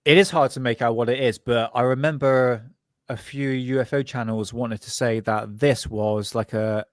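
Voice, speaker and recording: A man's voice: medium pitch, steady tone, moderate pace, no room sound. Rambling Bristolian man with a dry close sound. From Bristol, England. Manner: rambling, laughs often. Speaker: podcast host. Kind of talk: casual chat.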